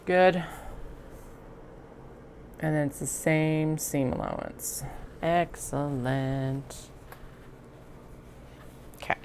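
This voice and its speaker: A woman's voice: deep voice, very slow, gravelly, long pauses, a little mellow, slight background noise. A woman chatting to herself as she sews a bag, talking through each step in a casual, self-amused way. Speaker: crafter sewing on stream. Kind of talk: casual sewing narration. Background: sewing machine running.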